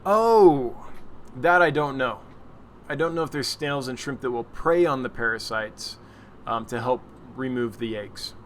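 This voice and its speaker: A man's voice: medium pitch, unhurried, slight background noise. A man hosting a weekly livestream, chatting casually as he answers viewer questions and laughs at his own slips. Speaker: livestream host.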